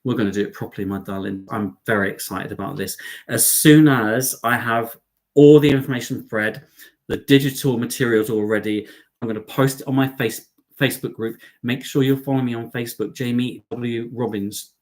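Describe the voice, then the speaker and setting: A man from the United Kingdom hosting a live stream, talking to his viewers in a chatty, excitable way and calling them darling and lovelies. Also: mid-range voice, fairly quick.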